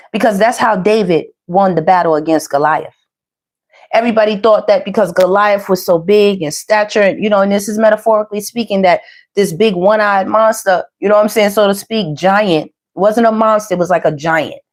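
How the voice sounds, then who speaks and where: A woman's voice: mid-range voice, moderate pace. A woman giving a casual tarot reading, chatty and slangy, talking to viewers as y'all and baby. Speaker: tarot reader.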